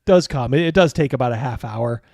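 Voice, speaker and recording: A man's voice: mid-range voice, a little fast, creaky, darkish tone, no echo. A man narrating as game master, rambling with many fillers and chuckles.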